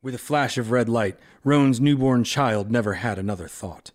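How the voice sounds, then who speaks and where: A man on a podcast reading a story aloud in a deliberate, expressive way. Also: medium pitch.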